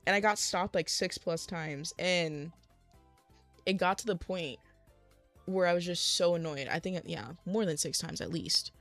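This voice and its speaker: A young adult craft livestreamer works on a craft while telling a long, exasperated story, rambling casually and acting out what other people said. The voice is mid-range, a little slow and fairly bright, with faint music behind.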